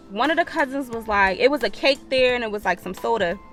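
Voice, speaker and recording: A woman's voice: a little high, animated, normal speed, a bit bright, soft background music. A woman vlogger, telling a storytime with profanity and acted-out quotes. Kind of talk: storytime vlog.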